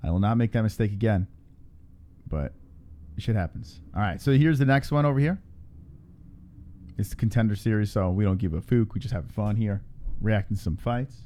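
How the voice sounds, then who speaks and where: A man hosting a live fight reaction stream, calling the action play-by-play with casual swearing and shouting when a fight ends. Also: lowish voice, normal speed, long pauses. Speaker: host.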